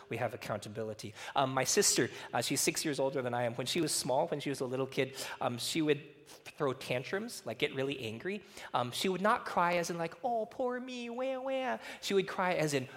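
A man preaches to his congregation in an easy, conversational way, slipping into animated stories. His voice sits at a middle pitch. The sound carries a long reverb from a large hall. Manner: conversational, animated storytelling with laughs. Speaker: pastor. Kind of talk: sermon.

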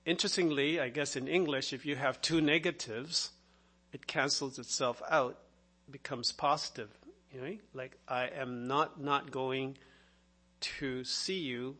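Slow, deliberate male preacher. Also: medium pitch, steady tone, pushed and bright. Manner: explanatory, slow and deliberate with fillers. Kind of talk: sermon.

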